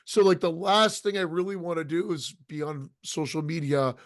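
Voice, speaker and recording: A man's voice: on the high side, normal speed, dry recording, studio quality. A man co-hosting a podcast, talking frankly and plainly in casual chat, with the odd curse. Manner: frank, matter-of-fact, profane. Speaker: podcast co-host.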